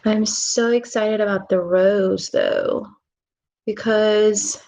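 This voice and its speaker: A woman vlogger in a relaxed self-care chat, talking softly and drawing out her words, often dropping into a whisper. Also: mid-range voice, rough recording. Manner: slow, drawn-out, soft, drifting into whispers.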